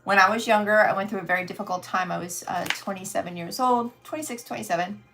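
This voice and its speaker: A woman's voice: mid-range voice, fast talker, music in the background. A middle-aged woman tarot reader telling a story on a casual livestream. She is chatty, laughs often, and talks straight to her viewers.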